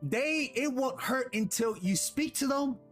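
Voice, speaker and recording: High animated man giving dating advice. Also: a little slow, faint music behind. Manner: repeats words, blunt, swears, acts out quotes. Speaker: dating coach. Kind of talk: advice monologue.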